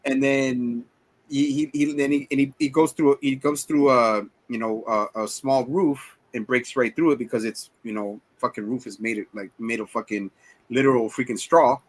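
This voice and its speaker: With a medium-pitched voice, fairly even intonation and normal speed, a man in his forties co-hosts a laid-back movie chat on a podcast. He rambles and swears while retelling scenes in quoted voices.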